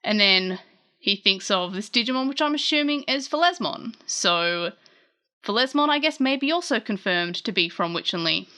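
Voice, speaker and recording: A woman hosting a casual manga chapter recap, chatty and animated, often correcting herself mid-sentence. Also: mid-range voice, normal speed, smooth.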